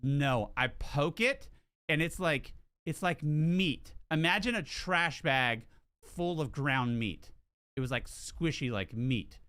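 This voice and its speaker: A male streamer chats casually while he plays, his voice swinging up and down with lots of life. The tone is bright and a little high. He swears freely and trips over his own words as he talks. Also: slow, clear, resonant tone. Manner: animated, swears, restarts and repeats words. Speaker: game streamer. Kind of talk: casual livestream storytelling.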